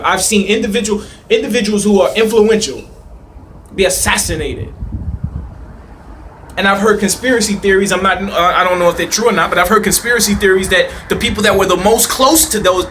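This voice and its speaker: A man's voice: sits high, brisk, a bit bright, slight background noise. A man giving rambling, emphatic off-the-cuff commentary outdoors, with a preachy tone and rhetorical questions. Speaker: video commentator. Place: outdoors in a city park.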